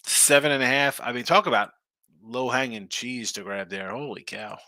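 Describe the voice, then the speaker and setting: A man's voice: mid-range voice, moderate pace, sharp tone, no echo. A man hosting a sports betting live stream, rambling and thinking aloud in casual chat. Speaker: sports betting show host.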